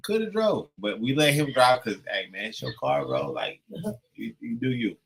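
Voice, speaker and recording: A man's voice: medium pitch, normal speed, creaky, slightly rough, low-quality recording. A young man on a podcast, casually telling a profane story and acting out the dialogue. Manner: animated, profane, acts out dialogue.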